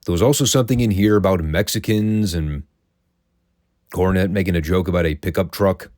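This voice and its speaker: A man's voice: sits low, brisk, darkish tone, dry recording, clean studio sound. A man hosting a casual solo recap show, telling the story in a chatty, wry, opinionated way. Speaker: wrestling recap host.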